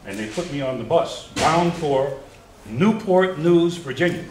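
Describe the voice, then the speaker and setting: An older man from the United States, a guest speaker at a forum, telling lively, humorous anecdotes with chuckles and restarts. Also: on the high side, measured pace, noisy background. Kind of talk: storytelling talk at a forum. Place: lecture hall. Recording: roomy, distant mic.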